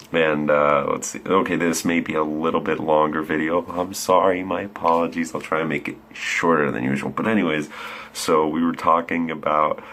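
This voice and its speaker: A man's voice: very deep voice, fairly bright tone. A young man in his late teens telling a rambling, profane story in a laid-back way. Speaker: vlogger. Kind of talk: casual storytelling.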